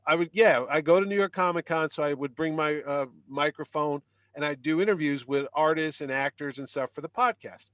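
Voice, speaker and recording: Excitable middle-aged man telling a story. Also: brisk, no room sound, studio quality. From Connecticut. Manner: excitable, acts out quotes with big pitch jumps. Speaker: podcast guest telling a story. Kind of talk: animated storytelling.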